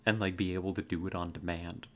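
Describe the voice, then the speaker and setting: A woman streaming a game, chatting casually and excitedly, laughing often and making playful growling noises. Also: extremely low pitch, fast talker. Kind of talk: casual live-stream commentary.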